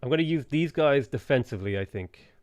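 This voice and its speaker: A man streaming a strategy game live, thinking aloud in a relaxed way with frequent ums. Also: medium pitch, brisk, dry recording. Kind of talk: live gameplay commentary.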